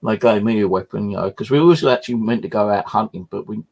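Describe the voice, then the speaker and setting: Brief: male host, lowish voice, loose rambling chat, swears freely, lots of ums. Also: quick pace, gravelly, darkish tone. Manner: rambling, swears a lot, many fillers. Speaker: channel host. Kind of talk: casual live-stream chat.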